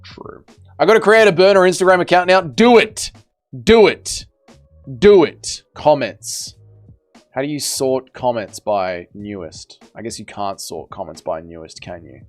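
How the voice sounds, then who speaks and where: A man's voice: mid-range voice, normal speed, soft background music. A man hosting a livestream, casually reading out chat with blunt, swearing jokes. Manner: joking, blunt, swears, trails off quietly. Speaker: livestream host.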